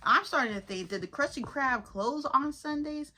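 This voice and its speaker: A woman reviewing a cartoon episode in loose, animated chat, calling her viewers "y'all." Her voice is bright and forward and sits a bit above average pitch. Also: a little slow. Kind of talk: casual commentary.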